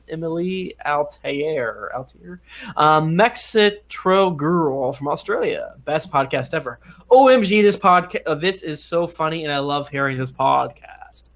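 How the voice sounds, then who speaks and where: A man hosting a podcast stream, reading listener reviews aloud in a jokey, halting way with many fillers. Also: fairly high pitch, a bit bright. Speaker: podcast host.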